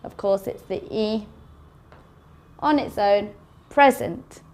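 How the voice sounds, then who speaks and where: A woman teaching an English phonics lesson, sounding out words slowly and carefully for learners. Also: medium pitch, darkish tone. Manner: slow, careful enunciation of sounds.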